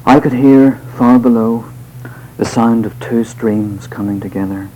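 A man giving a live poetry reading to an audience, delivering verse in a measured, unhurried way with hesitant spoken asides between poems. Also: medium pitch, dark tone, a little hiss or hum, rough recording. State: voice slightly off tonight.

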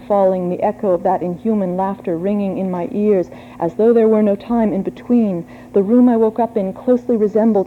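A woman giving a theatrical, breathless reading of a gothic horror story. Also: mid-range voice. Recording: tinny phone-like sound with faint hum.

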